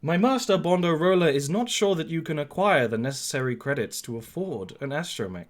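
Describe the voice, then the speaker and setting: A man's voice: on the high side, animated, brisk, lightly acted. A man voicing a formal protocol translator droid in a tabletop game, speaking in a prim, stiff way.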